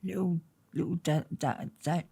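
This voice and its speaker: A woman's voice: low-pitched, fairly even intonation, normal speed, creaky, dark tone, husky. A woman with an Essex accent, an interview guest telling stories bluntly and swearing freely. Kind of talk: candid casual storytelling.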